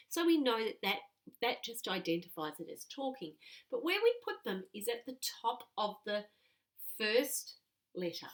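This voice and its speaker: Woman teacher explaining punctuation to kids, patient, really animated sing-song voice. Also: a little high. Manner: patient, clear and animated, reading examples aloud. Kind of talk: explaining a lesson to children.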